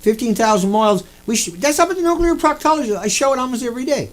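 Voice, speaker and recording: A man's voice: extremely high pitch, lively intonation, fast. A man delivering an angry, repetitive rant, swearing often as he talks to his viewers. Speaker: video blogger.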